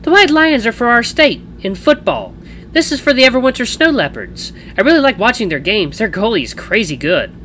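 A man voicing a teasing, energetic young woman, the playful sister, reading a visual novel aloud. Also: fairly high pitch, normal speed, a little hiss or hum, voice pushed up, full character voice. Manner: bouncy, teasing, loud.

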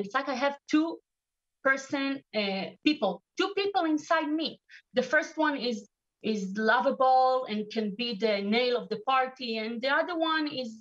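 Halting woman in her thirties, lo-fi call. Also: high voice, a bit bright. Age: 30s. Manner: halting, searching for words, many restarts. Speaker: guest speaker. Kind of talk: personal testimony on a video call.

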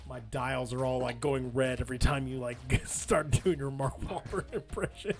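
A man's voice: mid-range voice, fairly even intonation, moderate pace, soft background music. A man in his thirties co-hosting a casual podcast, easygoing and teasing, laughing often. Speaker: podcast co-host. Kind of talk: casual chat.

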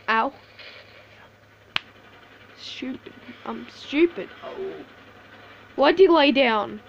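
A woman giving casual live commentary over a shooter game, swearing a lot, laughing often and reacting excitably. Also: fairly high pitch, takes it slowly, creaky, long pauses, highs cut off, slight background noise. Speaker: gameplay commentator.

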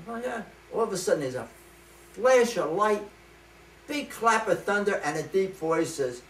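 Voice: medium pitch, sing-song, normal speed, a little hiss or hum. Chatty joke teller in an echoing room. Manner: chatty, checks in with "okay?". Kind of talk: telling a joke to a live group. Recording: roomy, from far off the mic.

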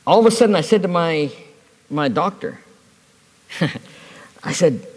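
Lively, animated man preaching in a hall. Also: a little high, takes it slowly, husky. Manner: conversational storytelling with humor. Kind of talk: sermon. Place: church service.

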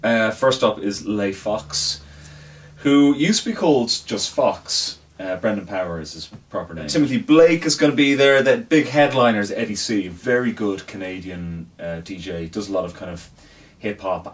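A deep-voiced man talking in a loose, chatty way, peppering his talk with swearing and filler words. He sits a little back from the microphone, so his voice sounds slightly distant. The tone is relaxed, easy-going chat. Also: moderate pace. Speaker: co-host recommending weekend events. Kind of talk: casual chat.

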